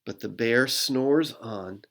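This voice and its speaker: A pastor reading a picture book aloud to children, playful and animated with sound effects, then leading a short prayer. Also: mid-range voice, slow, vocal fry.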